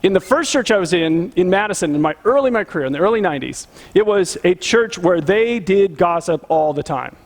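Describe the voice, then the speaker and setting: High-voiced middle-aged man preaching. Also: brisk, hardly any pauses. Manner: storytelling, animated and earnest. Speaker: pastor. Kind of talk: sermon.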